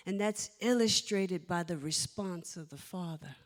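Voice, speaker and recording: Slow emotional woman preaching in a hall. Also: mid-range voice, expressive. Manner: slow, emotional, storytelling delivery with soft whispered asides. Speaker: minister. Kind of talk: sermon. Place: church sanctuary. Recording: long hall reverb.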